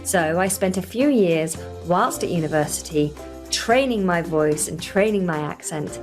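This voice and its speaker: A woman with a standard British English accent, originally from the north of England, presenting an online elocution lesson with clear, careful enunciation. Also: fairly low pitch, expressive, unhurried, music in the background. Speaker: elocution teacher.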